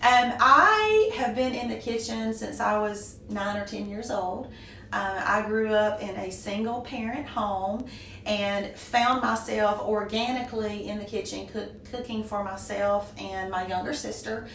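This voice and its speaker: A woman's voice: medium pitch, unhurried, creaky, a bit bright. A middle-aged woman with a Southern US accent talks about her business in a gracious, easy way, often breaking into laughter. She sits away from the microphone, so her voice carries an echo of the room. A faint hiss stays underneath. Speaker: guest, small business owner. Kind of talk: conversational interview. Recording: echoey room from a distance, faint noise.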